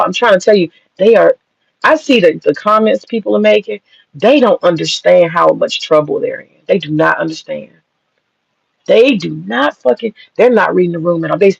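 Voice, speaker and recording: A man delivers blunt, profane, emphatic commentary. His voice sits high with a gravelly, husky edge. It is recorded dry and dull. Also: no room sound. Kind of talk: casual commentary. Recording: dull lo-fi sound.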